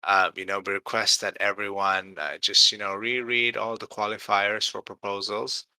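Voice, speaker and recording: This community host sounds tired and yawns through a casual livestream chat, rambling in a late-night way full of fillers and "right?" tags. His voice runs low with a steady tone, a moderate pace, and a bright, forceful delivery. The audio is dry and rough.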